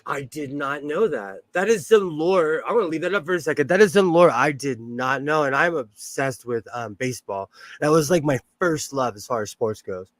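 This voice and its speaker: A livestream host sews at home and talks loosely, breaking into laughter often as he rambles. His slightly high, fairly bright voice has lively intonation at a moderate pace, and the audio is close and dry, nearly free of room echo.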